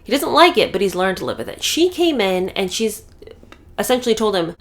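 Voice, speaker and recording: Animated sarcastic woman commentator. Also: mid-range voice, brisk. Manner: animated, sarcastic, many fillers. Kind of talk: casual commentary.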